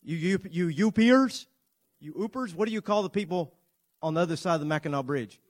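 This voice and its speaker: A pastor preaching to his congregation, earnest, with dramatic swings between loud emphasis and soft, quiet lines, and playful asides. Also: high-pitched, brisk. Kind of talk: sermon.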